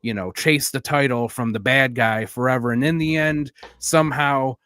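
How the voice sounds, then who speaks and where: A man with a middle-range voice lays out his reasoning about wrestling at an even pace. He sounds measured and explanatory. The recording is dry and close. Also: medium pitch, no echo. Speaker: podcast co-host. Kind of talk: casual wrestling analysis.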